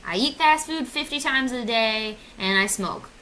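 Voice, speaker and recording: A woman's voice: a little high, animated, a little slow, bright, forceful tone, a little hiss or hum, poor audio. A woman in her twenties ranting sarcastically on her vlog, swearing and mocking herself. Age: 20s. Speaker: vlogger. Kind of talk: casual comedic rant.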